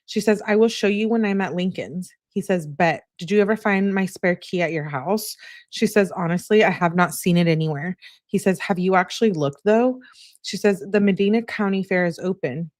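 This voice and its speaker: A woman's voice: fairly low pitch, fairly quick, a little mellow, no room sound, clean studio sound. A woman hosting a true-crime channel, reading text messages aloud and adding chatty asides between the lines.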